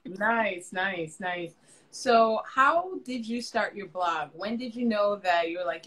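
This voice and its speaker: This interview host from Florida, who has a Caribbean accent, speaks slowly in an expressive, mid-range voice with a fairly bright tone. Over a video call she chats casually, often restarting and using plenty of fillers.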